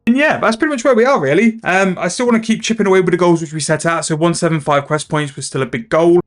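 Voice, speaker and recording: A man's voice: sits high, fast, soft background music. A man chatting casually and rambling about his game progress as a gaming video host. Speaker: gaming YouTuber.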